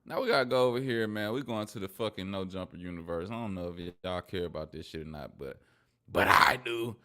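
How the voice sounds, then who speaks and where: A man's voice: sits low, fast. Profane, slangy male commentator. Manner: profane, slangy, laughing rants. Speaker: streamer and commentator. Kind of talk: casual reaction commentary.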